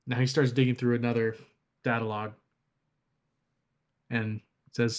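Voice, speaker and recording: A man's voice: medium pitch, little pitch movement, a little slow, pauses often. A man co-hosting a podcast, casually retelling game lore and reading passages aloud, with some fillers. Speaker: podcast co-host.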